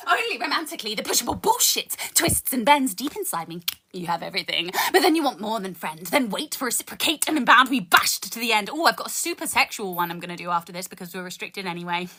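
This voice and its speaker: A woman's voice: mid-range voice, big pitch swings, quick pace, sharp tone, husky. A woman from the UK performing intense spoken word and rap live on her phone, swearing and switching between verses and chat. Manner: intense, swearing, shifts between rapping and chatting.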